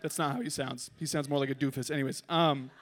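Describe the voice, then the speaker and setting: A man preaching a sermon, telling a funny story with animated delivery before he turns to the lesson. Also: medium pitch, quick pace. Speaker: pastor.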